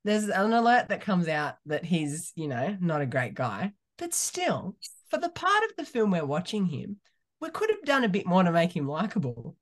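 A man co-hosting a casual movie-review podcast, talking in loose, rambling chat. His pitch swings widely, rising and falling as he builds up his complaints. He laughs often and trips over restarts. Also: big pitch swings, normal speed. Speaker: podcast co-host.

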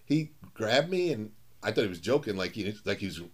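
A middle-aged man telling funny stories in a casual chat, acting out quoted lines in a higher voice and laughing often. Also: moderate pace. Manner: animated, acts out quotes with raised pitch, laughs often.

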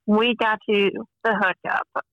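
A woman's voice: medium pitch, flat delivery, slow pace, no echo. A woman guest chatting easygoing on a podcast, giving short friendly replies. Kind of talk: casual podcast chat. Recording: dull lo-fi sound.

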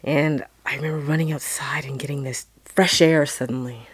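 A woman telling a personal story dramatically, dropping into hushed whispers and then rising into loud outbursts. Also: low voice, fairly even intonation, normal speed.

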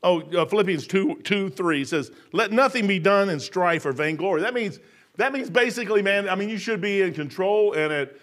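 Male preacher, 60s, homespun storyteller, slightly high voice. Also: normal speed. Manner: folksy, storytelling, gets loud and animated telling jokes. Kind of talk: sermon.

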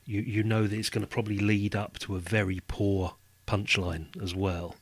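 A man's voice: lowish voice, little pitch movement, normal speed, no room sound. Male guest, casual chat, rambling, dry booth sound. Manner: rambling, many restarts and "you know". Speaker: podcast guest.

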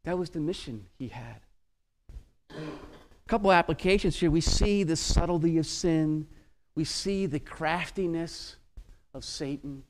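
A male preacher delivering an expository sermon, emphatic, with rhetorical questions and sharp swings between loud exclamations and hushed lines. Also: a little high.

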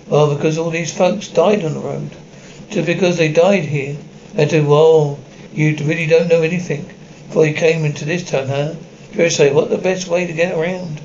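A man's voice: a little high, steady tone, normal speed, darkish tone, dull audio, a little hiss or hum. A man reading a horror story aloud, voicing every part and reading the stage directions. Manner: reads stage directions aloud between voices. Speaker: narrator reading a horror story with all parts.

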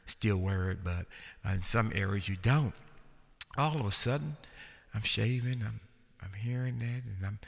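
With a low, creaky voice, an animated host delivers a stand-up routine to a live audience. He tells lively stories and slows for the punchlines, and the recording picks up crowd noise, room sound, and laughter.

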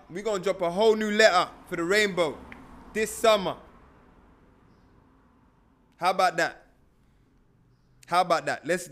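A man's voice: high voice, fairly bright tone. A young man giving a casual motivational monologue in a slangy, emphatic way, often repeating his phrases.

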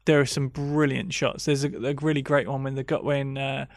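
A man in casual film discussion, agreeable and hesitant, often pausing with fillers. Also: medium pitch, flat delivery, no room sound, studio quality. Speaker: film podcast co-host.

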